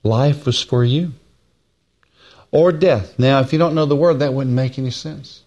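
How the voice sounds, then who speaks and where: A man preaching a folksy Bible-teaching sermon, stretching key phrases slowly and swinging from raised, high stresses to hushed, low asides.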